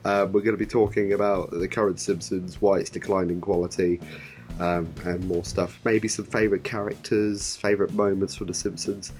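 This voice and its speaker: Rambling podcast host, low voice. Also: male voice, level tone, normal speed, a little mellow. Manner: rambling, hesitant, full of ums. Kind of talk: casual podcast chat.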